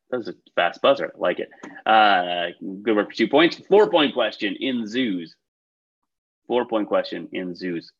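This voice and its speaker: A man's voice: lowish voice, a bit bright, muffled recording. A man hosting a trivia quiz over a video call, reading questions and tossing in chatty, upbeat asides between them. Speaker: quiz show host.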